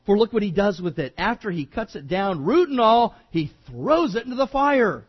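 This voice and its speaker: A man's voice: sits high, sing-song, moderate pace, breathy edge, dull audio. A male preacher giving a verse-by-verse sermon in an emphatic, conversational way, often repeating himself.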